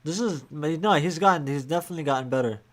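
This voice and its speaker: A man hosting a live reaction stream, giving relaxed, chatty commentary. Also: on the high side, fast talker. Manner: relaxed, chatty, many "like" fillers. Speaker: reaction channel host. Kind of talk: casual commentary.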